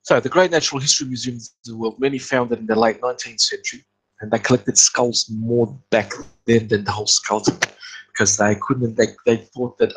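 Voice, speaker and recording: A man hosting a casual archaeology talk, reading from an article with many pauses, restarts and wry asides. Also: mid-range voice, steady tone, husky, poor audio. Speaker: podcast host discussing archaeology.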